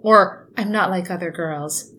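A young adult woman co-hosting a casual book podcast, animated and outspoken, swearing and acting out the reactions she quotes. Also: on the low side, unhurried. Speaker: podcast co-host.

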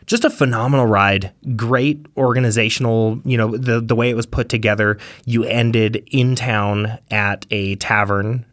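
A man with a fairly low voice chatting on a podcast, rambling with enthusiasm and stringing his thoughts together with fillers. The sound is dry and close, with no room echo. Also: fairly even intonation, moderate pace, few pauses, fairly bright tone. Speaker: podcast co-host. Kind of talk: casual chat.

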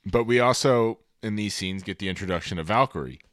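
A man co-hosting a podcast, reviewing a movie in casual chat, excited and rambling, swearing freely. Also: on the low side, fairly quick, no room sound, studio quality. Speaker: podcast co-host.

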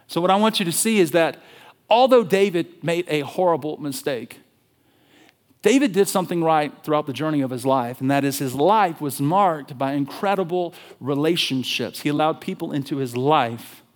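A male pastor preaching a sermon in an animated, conversational storytelling way. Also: on the high side, moderate pace.

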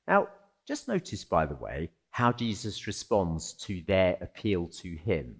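Slow, lively preacher. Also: male voice, sits low. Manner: animated, conversational, rhetorical questions. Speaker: pastor. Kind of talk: sermon.

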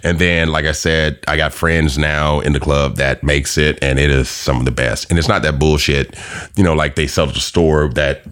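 Man, very deep, casual, profane, laughing storyteller. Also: fairly even intonation, moderate pace, a bit bright, clean tone. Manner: loose, profane, laughs through his stories. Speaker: podcast guest.

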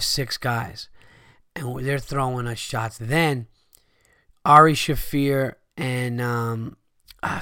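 A man hosting a podcast, telling a story casually, animated and swearing freely, loudly acting out his friends' lines. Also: mid-range voice, dry recording, clean studio sound. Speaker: podcast host.

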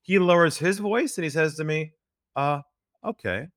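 A man's voice: brisk, fairly bright tone, no echo. Male podcast guest, sales trainer; earnest storyteller, dry booth sound. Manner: earnest, drops his voice low for stories.

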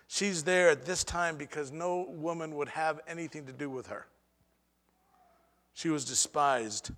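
A man preaching a sermon as pastor, with dramatic pauses and sudden swings between soft and loud delivery. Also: mid-range voice, in a large hall.

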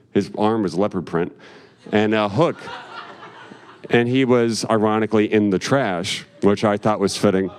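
A man doing stand-up, telling a long, profane story in a rambling way and laughing along as he goes. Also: fairly low pitch. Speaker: stand-up comedian.

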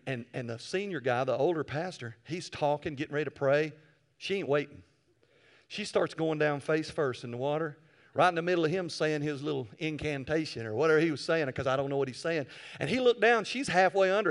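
A male pastor preaching a sermon, telling stories with animated swings from quiet asides to loud bursts. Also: a little high.

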